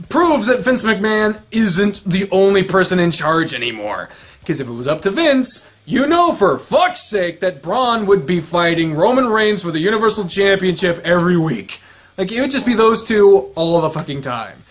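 Picture a man with a high-pitched voice who is hosting a loose, casual chat. He rants excitably and swears constantly, piling on one strong opinion after another. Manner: excitable, heavy swearing, ranting. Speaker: host.

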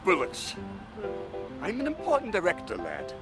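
A man's voice: high voice, huge pitch swings, normal speed. An actor playing a pompous male film director. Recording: loud music over the voice.

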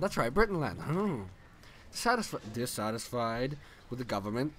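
Young male gamer, tipsy, rambling and giggly, bright voice that swings all over the place. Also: mid-range voice, big pitch swings, normal speed. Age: young adult. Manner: rambling, giggly, swears a lot; loses his train of thought. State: tipsy from drinking. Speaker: let's play commentator. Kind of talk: casual gaming commentary.

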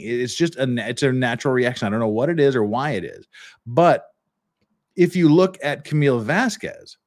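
A man hosting a podcast who talks through trial footage in a blunt, opinionated way, often restarting his sentences. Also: medium pitch. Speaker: podcast host. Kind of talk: casual commentary on trial footage.

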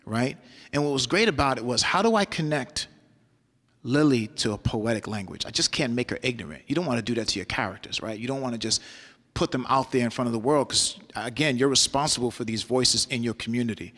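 A man's voice: mid-range voice, quick pace, a bit bright. A man giving a loose, conversational talk as a guest lecturer, often checking in with "right?". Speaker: guest lecturer, solo performer. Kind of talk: university lecture with storytelling. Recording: long hall reverb.

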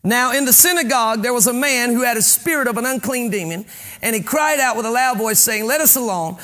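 A man preaching a sermon as pastor. He reads scripture aloud, stops to explain it, and builds to fervent shouts on key points. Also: extremely high pitch, fairly quick.

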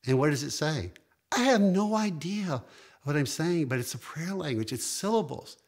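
A man preaching a sermon as pastor, emphatic, with sudden jumps in pitch and stretched-out phrases. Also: expressive, moderate pace.

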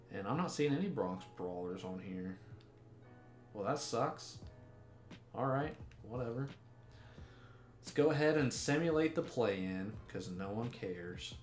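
A man's voice: mid-range voice, reverberant. A man giving casual, sarcastic gameplay commentary as a gaming YouTuber. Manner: sarcastic, joking banter.

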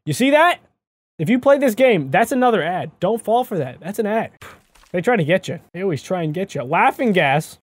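An excitable man giving let's play commentary, his voice sitting high and swinging widely in pitch. He chats to the game character and breaks into sudden exclamations. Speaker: gaming channel host.

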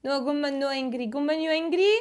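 A woman's voice: high-pitched, fast talker. A woman hosting a casual livestream, chatting playfully with viewers in simple broken English and laughing often. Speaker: livestream host.

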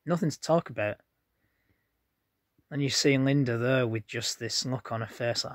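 A man's voice: medium pitch, moderate pace, pauses often, no room sound, studio quality. A man telling a rambling personal story straight to his viewers in a chatty, plain-spoken way. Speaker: vlogger. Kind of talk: casual storytelling to camera.

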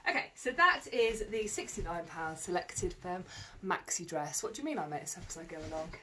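A woman's voice: on the low side, very animated, brisk, pushed and bright, a little hiss or hum. A woman who runs a clothes shop, chatting through a dress try-on in a rambling, self-mocking way with lots of ums. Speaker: boutique owner. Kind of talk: casual fashion try-on vlog.

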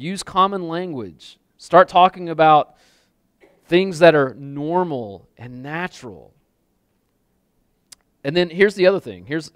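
Smooth-voiced male pastor preaching casually. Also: fairly high pitch, no echo, clean studio sound. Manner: casual, conversational preaching with many "like" fillers and repeats. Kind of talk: sermon. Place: church sanctuary with a congregation.

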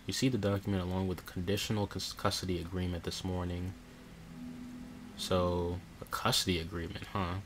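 Low-voiced man doing game commentary. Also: flat delivery, a little fast, noisy background. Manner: chatty, self-talking, reads in-game notes aloud. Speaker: gameplay streamer. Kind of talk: casual let's play commentary, reading game text aloud.

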